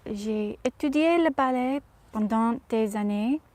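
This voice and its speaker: A woman impersonating a gracious 1950s film star, reading an interview answer in careful, halting French. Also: fairly high pitch, darkish tone, dry recording, natural voice. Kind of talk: reading an interview aloud in character.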